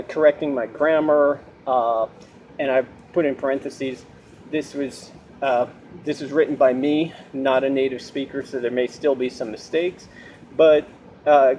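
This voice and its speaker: Halting, mellow American guy. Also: mid-range voice, dull audio, a little hiss or hum. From United States. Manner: hesitant, many ums and restarts, explaining. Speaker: language learner vlogger. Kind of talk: casual talking-head vlog.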